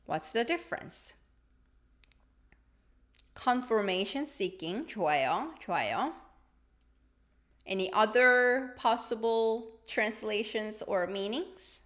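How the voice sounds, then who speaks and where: A woman's voice: fairly high pitch, animated, fairly bright tone. Woman teaching a language lesson. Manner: explains slowly, switches between English and Korean, chuckles often. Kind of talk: live-stream language lesson.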